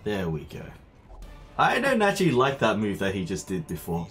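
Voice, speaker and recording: A man with a lowish, slightly bright voice streams a game at normal speed, his pitch swooping wildly as he chats to himself and his viewers. It's live gameplay commentary with faint game music in the background.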